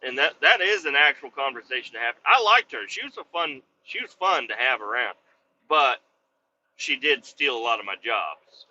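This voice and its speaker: A man's voice: mid-range voice, lively intonation, normal speed, bright, forceful tone, a little hiss or hum. A man who drives trucks, telling rambling stories in a crude, profane, joking way. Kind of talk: rambling casual storytelling. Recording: dull lo-fi sound.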